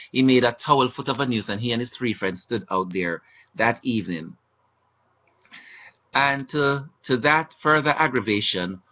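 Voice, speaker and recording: Man on a webcam, indignant recounting of mistreatment, mid-pitched voice, muffled low-fi audio. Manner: aggrieved, indignant, acting out quoted exchanges. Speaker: former hospital patient recounting mistreatment. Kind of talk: webcam testimony monologue. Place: indoors.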